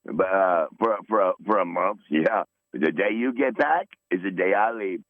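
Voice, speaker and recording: A man's voice: sits low, expressive, normal speed, no echo. Swearing 60s man on a tinny phone line. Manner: combative, swearing, boastful. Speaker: regular caller on a podcast. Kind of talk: rambling profane storytelling. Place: in his van.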